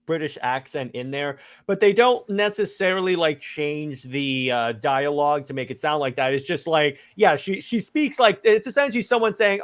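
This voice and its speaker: A man co-hosting a podcast argues his opinions in casual chat with quick restarts. His voice sits a bit high and sounds bright and forceful. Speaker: podcast co-host.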